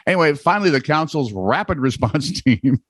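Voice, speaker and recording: Male podcast co-host, animated and wisecracking, dry close-mic delivery. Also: fairly high pitch, normal speed, no echo. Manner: jokey, reads headlines with wry asides. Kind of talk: casual comedic news chat.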